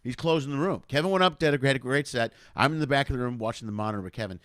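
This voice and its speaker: A man from Chicago, a comedian hosting a show, telling stories over a video call in a casual, profane, animated way, laughing as he goes. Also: medium pitch, racing, no echo, clean studio sound. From Chicago, USA. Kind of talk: casual conversational storytelling.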